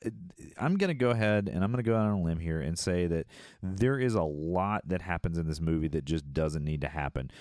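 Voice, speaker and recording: Laid-back deep-voiced man recapping a movie. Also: no echo, studio quality. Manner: jokey, acts out lines in playful voices. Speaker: podcast co-host. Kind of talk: casual movie recap chat.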